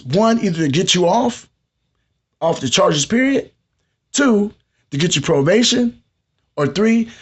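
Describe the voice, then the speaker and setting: High-voiced man hosting a podcast. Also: breathy edge. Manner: preachy, conversational, lectures listeners directly. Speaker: podcast host. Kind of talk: live podcast commentary.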